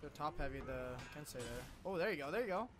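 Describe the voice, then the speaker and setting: A young man giving casual, excitable live gameplay commentary, cheering and swearing. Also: on the high side, quick pace, a loud crowd. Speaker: gaming streamer.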